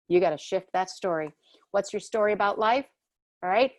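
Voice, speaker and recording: Woman teacher, casual and chatty, mid pitch, dry close sound, keeps checking in with the class. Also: brisk, no echo. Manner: chatty, often checks in with "okay?" and "all right?".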